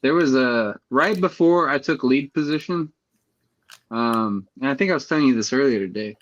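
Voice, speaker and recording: A man's voice: medium pitch, moderate pace, fairly bright tone, dry recording. Profane storytelling man, dull dry mic. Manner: storytelling, acts out quoted calls, swears freely. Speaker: podcast co-host. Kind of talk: profane casual chat.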